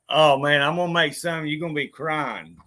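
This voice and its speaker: A man's voice: on the high side, fairly even intonation, normal speed, bright, forceful tone. A man vlogging in casual chat, rambling, swearing freely and laughing often. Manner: profane, laughs a lot, rambling.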